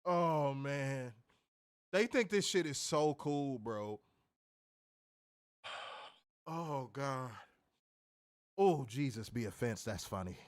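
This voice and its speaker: Male co-host, raucous and cussing, laughs through his lines; animated voice, dry booth sound. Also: drawn-out words, long pauses, dry recording. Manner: loud, profane, laughing often, swoops high when amused. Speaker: podcast co-host. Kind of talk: casual review chat.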